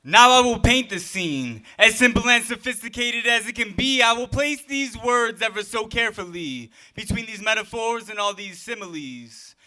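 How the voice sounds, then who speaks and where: A man's voice: extremely high pitch, expressive, moderate pace, few pauses, pushed and bright, faint music behind. A man performing spoken word poetry at an open mic, delivering rhymes in a rhythmic, sing-song way. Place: live open mic stage.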